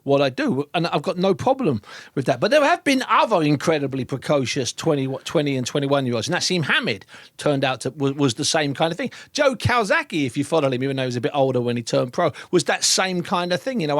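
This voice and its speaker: Animated man, dry close sound. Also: no room sound. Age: middle-aged. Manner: animated, quick to chime in, with emphatic swings in pitch. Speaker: boxing broadcaster. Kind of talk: casual podcast chat.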